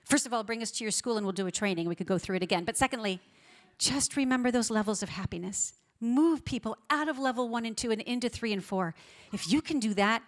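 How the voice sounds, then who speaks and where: A woman giving an emphatic conference talk, stacking up words for effect and dropping to a soft, quiet voice when she tells a story. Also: mid-range voice. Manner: emphatic, builds up lists of words. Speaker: pro-life educator giving a conference talk. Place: large conference hall on stage.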